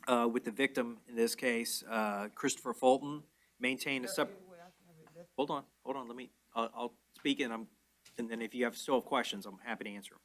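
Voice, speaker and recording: A man presiding as judge in a courtroom, explaining orders in a measured, plain way. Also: medium pitch, a bit bright. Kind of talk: courtroom proceedings.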